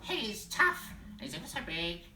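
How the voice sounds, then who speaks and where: A man voicing an excitable male parrot with a screechy high voice in a storybook reading. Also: unhurried, full character voice. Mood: squawking alarm. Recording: roomy distant mic, faint hum.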